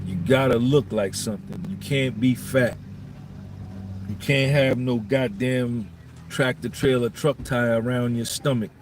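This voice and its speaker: A man's voice: medium pitch, unhurried, slight background noise. A man hosting a live podcast, giving a blunt, profane monologue and repeating his points for emphasis. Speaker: podcast host.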